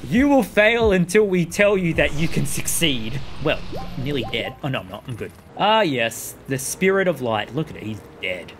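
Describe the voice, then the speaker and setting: A man hosting a gameplay video, talking in an excitable, rambling way. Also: fairly high pitch, moderate pace, noisy background. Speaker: let's play host. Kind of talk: gameplay commentary. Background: game music.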